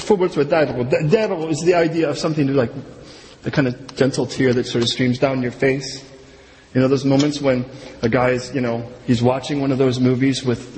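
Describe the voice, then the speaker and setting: A middle-aged man preaching a sermon, telling the story with humor and acting out the people he quotes. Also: medium pitch. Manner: animated, jokey storytelling with quick voiced asides. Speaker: pastor. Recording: long hall reverb, faint room noise.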